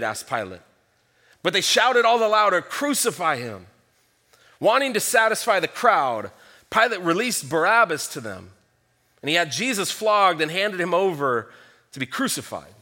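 A man's voice: high voice, sharp tone. A man preaching a sermon, reading scripture passages aloud and explaining them in an earnest, reflective way. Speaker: pastor.

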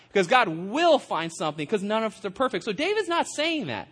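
A man delivers a sermon in an easygoing, conversational way. His voice sits fairly high for a man. He asks rhetorical questions and jokes at his own expense. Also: big pitch swings, a little fast, fairly bright tone. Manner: conversational preaching, rhetorical questions, self-deprecating humor. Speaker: pastor.

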